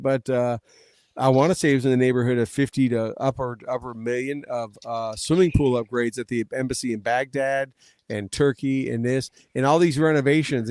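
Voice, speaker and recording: Male panelist, mid pitch, dry close sound; rambling talker who acts out quotes. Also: a little mellow, no echo. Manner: rambling, many restarts, retells scenes in quoted voices. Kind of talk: casual political chat.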